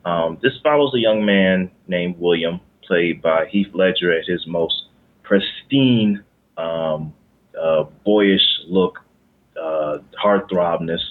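Deep-voiced man on a phone-like line. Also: slow. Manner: rambling, many fillers and restarts. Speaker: podcast co-host. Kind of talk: casual chat. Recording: phone-like narrow sound.

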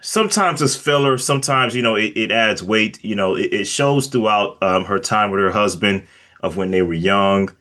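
A man's voice: on the low side, moderate pace, sharp tone. A man reviewing a film in a casual podcast chat, rambling with many fillers and restarts.

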